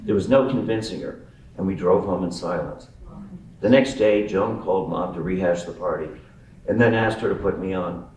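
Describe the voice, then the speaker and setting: A man's voice: deep voice, moderate pace. Wry man reading aloud in a roomy hall. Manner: wry, amused, lively storytelling. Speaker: author reading his memoir. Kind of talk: memoir reading. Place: live event venue. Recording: roomy sound from a distant mic.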